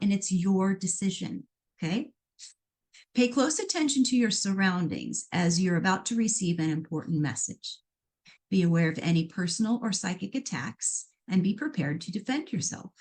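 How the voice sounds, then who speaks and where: Speaking briskly at a medium pitch, a middle-aged woman from Iowa works as a psychic medium on a live call-in program. She reads out what listeners ask and responds with animated chatter and plenty of playful asides.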